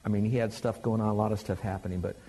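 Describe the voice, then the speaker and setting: A man preaching a sermon in a conversational, animated way, joking with the congregation. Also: fairly low pitch, rapid-fire, husky.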